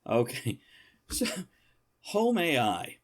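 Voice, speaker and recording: A man's voice: mid-range voice, wildly swooping pitch, takes it slowly. A man hosting a podcast, chatting casually in a joking, rambling way and laughing often. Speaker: podcast host. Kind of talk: casual chat.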